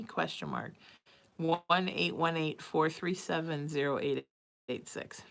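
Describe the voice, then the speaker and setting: A woman's voice: sits low, steady tone, takes it slowly, vocal fry, a bit bright. A woman hosting a psychic livestream, chatting casually and reading viewer texts aloud. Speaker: psychic medium livestream host.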